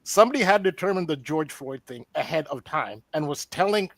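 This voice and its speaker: A man's voice: on the high side, animated, fairly quick, no room sound. A man on an online roundtable, earnestly laying out a theory, often restarting his sentences. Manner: earnest, explanatory, with frequent restarts. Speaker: roundtable guest presenting a theory. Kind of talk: casual online roundtable discussion.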